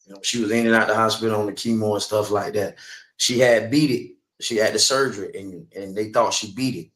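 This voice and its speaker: A man's voice: on the low side, fairly even intonation, a little fast, fairly bright tone, echoey room. A man giving a personal testimony in a sermon, talking conversationally and often checking in with the listeners. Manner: conversational, keeps asking "you know what I'm saying". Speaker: speaker.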